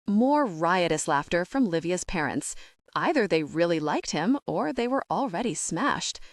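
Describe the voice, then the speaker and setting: Woman reading a novel, low-ish voice that swings a lot, dry close studio sound. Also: very animated, normal speed, no echo. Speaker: audiobook narrator. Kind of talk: scripted narration.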